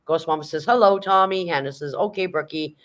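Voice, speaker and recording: A middle-aged man hosting a livestream, reading viewers' chat messages aloud and giving upbeat shoutouts. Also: fairly high pitch, a little fast. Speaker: livestream host. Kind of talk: casual live-chat shoutouts.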